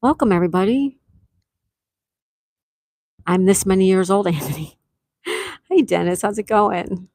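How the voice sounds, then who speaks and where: A woman hosting a casual live-stream trivia game, greeting viewers by name, reading their chat replies aloud and repeating questions slowly. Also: mid-range voice, a little mellow, no echo. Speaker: livestream trivia host.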